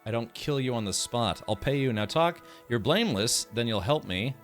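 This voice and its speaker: A man's voice: medium pitch, lively intonation, moderate pace, faint music behind. An American man commentating his gameplay live, chatty and rambling with many asides. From United States. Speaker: game streamer.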